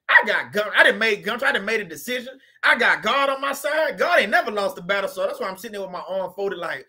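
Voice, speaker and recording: A man's voice: sits high, animated, a little fast, hardly any pauses, bright, forceful tone. A man hosting a casual, faith-based motivational talk, speaking in a colloquial, preachy way and repeating his points for emphasis. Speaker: host.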